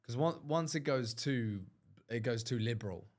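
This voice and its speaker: A man's voice: medium pitch, animated, moderate pace. A man, co-hosting a podcast in casual chat and mostly agreeing with short replies. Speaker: podcast co-host.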